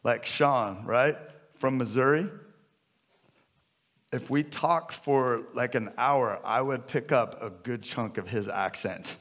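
A pastor in his fifties delivers a sermon in a chatty, joking style that gradually builds into emphatic repetition. His mid-range voice has a fairly bright tone, and he speaks slowly.

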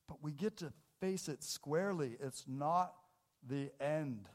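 A man preaches a sermon in a church with a slightly higher than average voice. His delivery is casual and jokey, with sudden loud, emphatic bursts. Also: slow pace. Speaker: pastor. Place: church sanctuary.

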